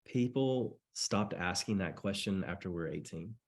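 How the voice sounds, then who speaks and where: A man with a low, somewhat husky voice talks through sales coaching on a call. He rambles in a friendly, repetitive way and slips into little acted-out conversations. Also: lively intonation, measured pace. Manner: chatty, repetitive, acts out sample dialogues. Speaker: network marketing coach. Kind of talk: casual coaching talk on a call.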